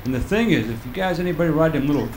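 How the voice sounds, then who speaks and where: An older man works through a stand-up set in a comedy club, his voice a touch high and his delivery deadpan. He acts out little quoted bits along the way. The live room echoes around him, with a faint murmur in the background. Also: rapid-fire, a little hiss or hum. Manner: deadpan storytelling with acted-out quotes. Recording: roomy live club recording.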